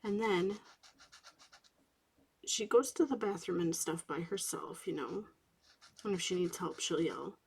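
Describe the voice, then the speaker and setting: A woman in her thirties, host of a coloring channel, chatting softly late at night while coloring, sometimes dropping into a whisper. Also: on the low side, measured pace, pauses often. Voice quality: gravelly, husky voice. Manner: soft-spoken, drifting into whispers at times.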